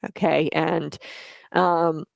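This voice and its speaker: A woman's voice: low-pitched, level tone, extremely slow, vocal fry, no room sound. A woman hosting a talk radio show, giving blunt, opinionated commentary with frequent fillers and restarts, on a studio microphone.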